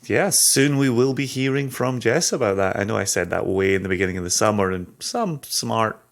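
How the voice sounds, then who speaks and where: A man's voice: lowish voice, fairly quick. A man co-hosting a podcast in casual chat, wry and jokey, stretching words out for comic emphasis. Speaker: podcast co-host.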